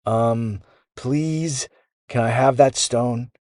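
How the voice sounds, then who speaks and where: A man's voice: medium pitch, lively intonation, slow, no room sound, clean studio sound. A man voicing a bossy young boy who snaps orders and later forces out polite words. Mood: sheepish. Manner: bossy and snappy, turning grudgingly polite.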